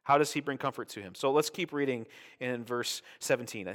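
A man's voice: medium pitch, fairly quick, a bit bright, in a large hall. A man preaching a Bible teaching sermon in a conversational way, often checking in with "right?". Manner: conversational, tag questions like "right?".

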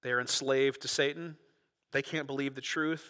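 Bright-voiced male pastor preaching. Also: medium pitch, steady tone, moderate pace, big-room sound. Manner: dynamic preaching, soft asides then loud bursts. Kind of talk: sermon.

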